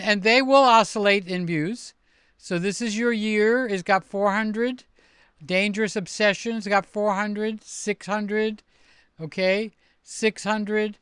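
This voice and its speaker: High-voiced, unhurried older man chatting. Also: clean tone, dry recording, clean studio sound. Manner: chatty, excitable, reads out comments and gives shout-outs. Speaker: livestream host. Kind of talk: casual livestream chat.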